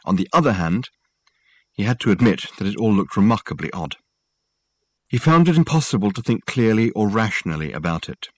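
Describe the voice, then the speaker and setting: A man reading an audiobook aloud with wry, expressive storytelling. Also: on the low side, a little fast, husky, dry recording. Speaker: audiobook narrator. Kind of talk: scripted narration.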